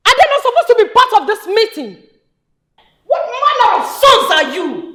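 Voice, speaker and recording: A woman's voice: very high voice, sing-song, heavily acted. A woman playing a fiery grieving daughter. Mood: furious. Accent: Nigerian English. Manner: scolding, sharp, rapid accusations. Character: fiery grown daughter of a dead father. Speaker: actor. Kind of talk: Nollywood film acting.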